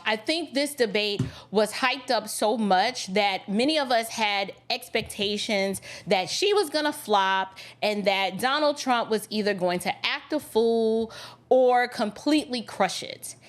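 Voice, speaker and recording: A woman's voice: a little high, unhurried. A woman hosting a podcast livestream, talking casually and greeting viewers by name as she chats. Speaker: podcast host.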